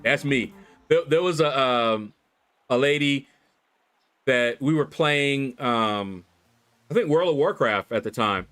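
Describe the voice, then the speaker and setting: A man from Kentucky hosting a relaxed livestream chat, telling animated stories with laughs and playful voices into a desk microphone. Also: medium pitch, takes it slowly, pauses often. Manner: animated storyteller, laughs, squeals in mock voices. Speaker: livestream host. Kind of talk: casual chat with viewers. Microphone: desk USB microphone. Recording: faint background music.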